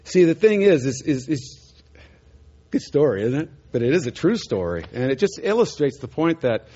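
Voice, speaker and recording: A male preacher telling a testimony story in his sermon, animated and chuckling, acting out the people he met. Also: a little high, normal speed, slightly rough, muffled recording.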